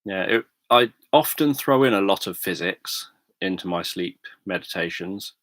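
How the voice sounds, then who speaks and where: A British man chatting calmly on a livestream, explaining things in a measured, thoughtful way with frequent pauses and ums. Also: deep voice, dry recording. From Britain. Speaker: livestream host, sleep story narrator. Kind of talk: casual livestream chat.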